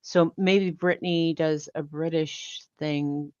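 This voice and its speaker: A woman's voice: deep voice, fairly even intonation, slow, darkish tone, no echo, lo-fi sound. A woman guest on a livestream, telling a rambling story and searching for names as she goes. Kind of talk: casual chat.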